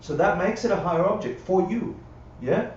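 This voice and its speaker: A man's voice: sits high, normal speed, darkish tone, slight background noise. Man teaching a class from far off. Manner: conversational, checks in with "yeah?" and acts out quotes. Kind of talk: live Buddhist class lecture. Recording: roomy, dull livestream audio from a distance.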